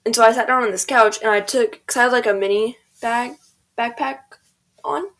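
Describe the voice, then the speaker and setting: On the high side and fairly bright, this teen girl's voice moves at a normal speed. As a gaming video creator, she rambles casually through a storytime over gameplay, sprinkling in "like" and "um" and quoting others in voices.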